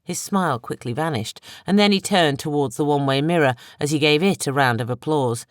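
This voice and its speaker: An audiobook narrator reading a novel in steady, expressive scripted narration on a close studio microphone. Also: mid-range voice, moderate pace, no room sound.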